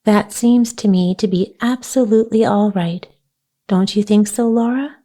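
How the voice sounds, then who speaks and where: A woman voicing a gentle, earnest young girl in a storybook reading, sounding a little plaintive. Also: medium pitch, moderate pace, lightly acted.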